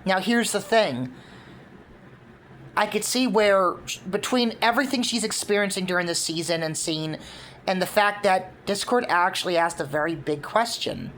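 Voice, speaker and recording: A woman's voice: mid-range voice, normal speed, a bit bright, a little hiss or hum. A woman casually laying out her fan concept for a cartoon, rambling with many fillers. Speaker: fan video creator.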